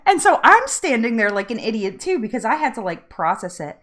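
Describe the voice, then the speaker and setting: A woman's voice: fairly high pitch, animated, moderate pace, a bit bright. A woman from New Jersey hosting a casual live chat from home, chatty, laughing often and drifting off on tangents. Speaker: live stream host.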